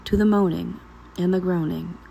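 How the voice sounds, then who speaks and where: A woman vlogger reading a poem aloud while cooking at home in her kitchen, in a slow, emphatic recital that draws out repeated words. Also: on the low side, fairly even intonation, vocal fry, warm tone, a little hiss or hum, rough recording. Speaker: vlogger and mother of a large family. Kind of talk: dramatic poetry reading.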